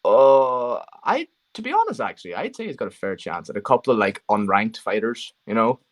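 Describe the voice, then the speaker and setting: A man's voice: medium pitch, big pitch swings, fairly quick. A young man with a Donegal Irish accent, chatting casually on a podcast in a blunt, sweary, joking way. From Donegal, Ireland. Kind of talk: casual chat.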